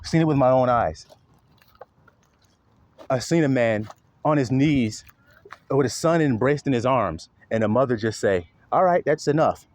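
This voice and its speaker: A man's voice: mid-range voice, unhurried, pauses often, a little mellow. A man delivering an impassioned spoken monologue, preachy and blunt, swearing freely and slipping into mocking sarcasm. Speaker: online commentator; father.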